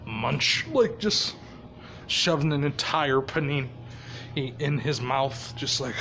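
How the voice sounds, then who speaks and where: A man spins a made-up story in a loose, rambling way, swearing freely and laughing at his own ideas. His voice sits slightly high and he talks slowly, with faint noise behind him. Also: sing-song, creaky, a bit bright. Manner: rambling, profane, laughs often. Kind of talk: casual storytelling.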